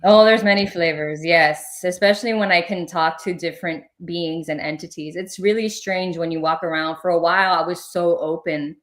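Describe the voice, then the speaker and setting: A woman's voice: on the low side, fairly even intonation, moderate pace, few pauses. A woman guest on a podcast, telling personal stories in a rambling, casual way, full of filler words. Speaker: podcast guest, spiritual medium. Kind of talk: casual storytelling in an interview.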